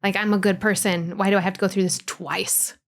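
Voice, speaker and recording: A woman's voice: mid-range voice, level tone, brisk, vocal fry. A woman guest on a podcast, speaking heartfelt and emphatic in a casual interview. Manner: heartfelt, emphatic, uses repeated phrasing.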